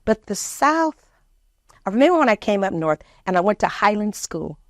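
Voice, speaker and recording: A woman's voice: mid-range voice, moderate pace, no echo, studio quality. An older woman from the American South, a community leader telling childhood stories in an interview and acting out what her family said. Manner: lively storyteller who acts out family quotes. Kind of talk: reminiscing interview storytelling.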